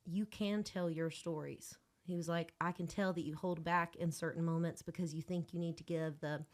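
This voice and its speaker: Chatty woman telling stories. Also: low-pitched. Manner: chatty storyteller, talks with her hands. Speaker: guest musician. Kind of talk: casual podcast chat.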